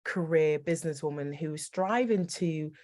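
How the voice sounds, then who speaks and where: A woman hosting a podcast, asking questions and affirming her guest warmly. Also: sits low, moderate pace. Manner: encouraging, affirming interviewer. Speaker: podcast host. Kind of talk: conversational interview.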